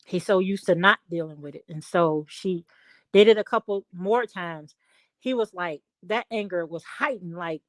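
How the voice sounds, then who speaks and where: A middle-aged woman on a call-in talk show, telling a story at length in an emphatic, animated way. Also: mid-range voice, a little slow, no echo. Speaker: guest. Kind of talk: casual chat.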